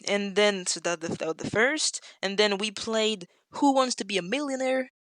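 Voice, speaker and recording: A woman, a podcast guest, tells a story in a casual chat and acts out the quotes with sudden leaps in pitch. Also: moderate pace, a bit bright, no room sound, studio quality.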